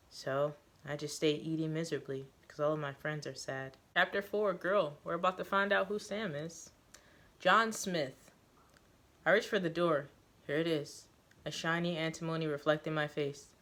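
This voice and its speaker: A woman reading a first-person story aloud, halting now and then with fillers and self-corrections. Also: low-pitched, steady tone, fairly bright tone. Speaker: reader of a story.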